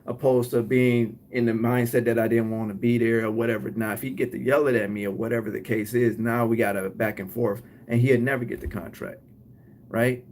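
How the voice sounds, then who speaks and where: A man's voice: mid-range voice, fairly even intonation, a little fast, darkish tone. A man with a Detroit accent who runs a cleaning business, giving casual advice to viewers and often ending points with "right?". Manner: acts out both sides of short scenes.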